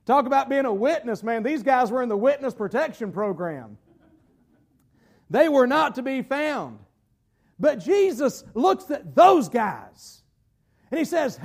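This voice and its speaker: A male pastor preaching a sermon in a folksy, emphatic way, slowing down to stress key phrases. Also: extremely high pitch, sing-song, slightly rough.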